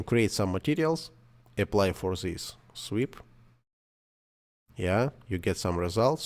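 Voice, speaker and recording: Male non-native English speaker, lowish voice, hesitant self-correcting software tutorial narration. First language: not English. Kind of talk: screen-recorded software tutorial.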